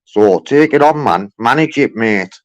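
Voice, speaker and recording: A man in the middle of a heated phone complaint, pressing the same points over and over and tacking "mate" onto his sentences. His voice sits at an ordinary middle pitch, and he sounds fed up but dogged, calling from inside a car. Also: expressive, unhurried, highs cut off. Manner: frustrated, repetitive, keeps saying mate. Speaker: complaining customer on a phone call.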